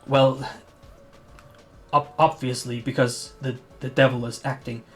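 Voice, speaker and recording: A man's voice: mid-range voice, flat delivery, measured pace, faint music behind, close to an everyday voice. A man voicing a frail goblin holy man. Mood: earnest. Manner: soft, hesitant, apologetic.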